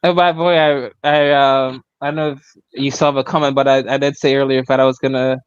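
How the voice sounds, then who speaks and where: A man's voice: mid-range voice, level tone, brisk, clear, resonant tone, dry recording, lo-fi sound. A man co-hosting a live stream, playful and teasing, who laughs often. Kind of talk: casual live-stream chat.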